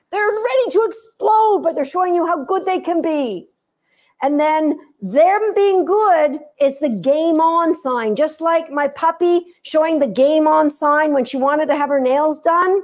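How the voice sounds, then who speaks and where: A woman dog trainer giving an instructional talk, animated and playful as she tells stories. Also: high voice, a little slow.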